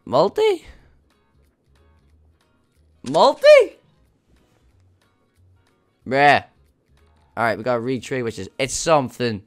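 Excitable swearing man streaming slots. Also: on the low side, clean tone. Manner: excitable, swears a lot, talks to viewers as "boys". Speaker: gambling streamer. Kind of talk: live slot-play commentary.

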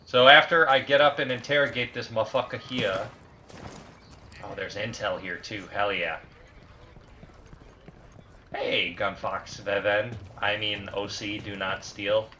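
A man hosting a casual gameplay session with loud, crude banter and bursts of shouting. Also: fairly low pitch, little pitch movement, a little slow, pauses often, dull audio, a little hiss or hum. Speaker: let's play host.

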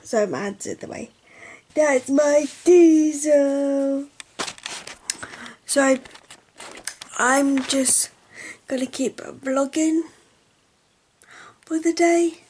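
A woman's voice: sits high, a little hiss or hum, poor audio. A woman chatting casually to camera in a vlog from her bedroom, rambling and affectionate. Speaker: vlogger. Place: bedroom at home. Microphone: handheld camera.

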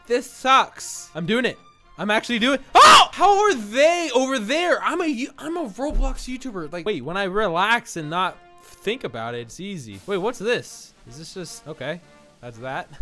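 A man giving excitable gameplay commentary as a gaming YouTuber, laughing constantly and breaking into sudden shouts. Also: high voice.

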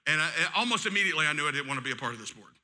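High, bright-voiced pastor preaching. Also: male voice, racing. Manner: folksy, joking and animated preaching. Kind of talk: sermon.

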